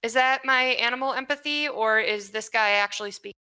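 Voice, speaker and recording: A woman's voice: on the high side, fairly quick, bright, forceful tone, clear, resonant tone. A woman playing a tabletop game, eager and asking about the rules. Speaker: player.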